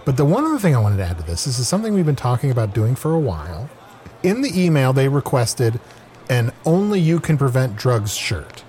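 A man co-hosting an improvised comedy podcast, explaining things patiently in animated banter. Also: medium pitch, fairly quick. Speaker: podcast co-host.

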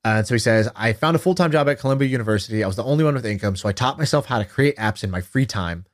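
Casting: man in his thirties, podcast co-host, lively storyteller, mid-pitched. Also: racing. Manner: animated storytelling, acts out quoted voices. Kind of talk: casual chat.

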